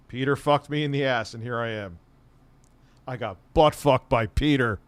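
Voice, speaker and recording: A man's voice: medium pitch, normal speed, clear, resonant tone, dry recording. A man hosting his own channel, telling a casual, profane, sardonic story about an old job. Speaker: streamer and channel host.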